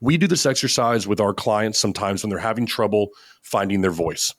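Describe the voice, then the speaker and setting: A man's voice: lowish voice, brisk, a bit bright, dry recording, studio quality. A man talking as a podcast guest, giving confident coaching advice in a casual chat. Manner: confident, coaching, acts out examples. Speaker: podcast guest, media company founder.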